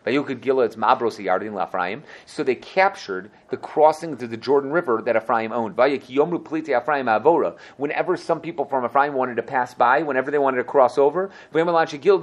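A man teaching a Bible class, translating verse by verse and acting out the characters' lines with lively, self-correcting asides. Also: mid-range voice, quick pace. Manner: translates verse by verse, acts out quotes animatedly. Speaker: Torah teacher.

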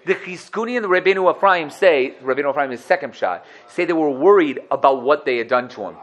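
A man teaching a Torah lesson, animated, acting out the quotes he cites and asking his listeners questions. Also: fairly high pitch, fast talker.

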